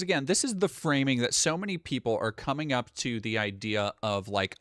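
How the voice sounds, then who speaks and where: A man's voice: mid-range voice, lively intonation, brisk, fairly bright tone, no room sound. Sarcastic guy streaming, reacting and cussing, voice jumps all over, dry close mic. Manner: sarcastic, exasperated, swears freely. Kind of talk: casual live-stream commentary.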